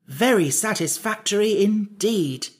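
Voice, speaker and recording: Simple pumpkin-headed wooden man, read by a male narrator: higher voice, earnest and eager, storybook. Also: expressive, a little slow. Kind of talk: audiobook character voice.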